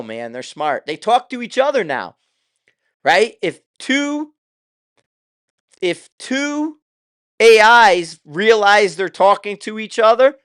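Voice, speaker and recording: A man's voice: a little high, a bit bright, smooth, no room sound, clean studio sound. An older man hosting his own show, talking in a casual, rambling way with loose, profane asides. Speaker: show host.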